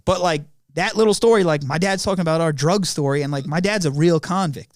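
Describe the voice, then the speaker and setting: A man's voice: a little high, a little fast, no echo, clean studio sound. A young man co-hosting a podcast, telling family stories in slangy casual chat, laughing often and acting out the quotes. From Long Island, New York. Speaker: podcast co-host.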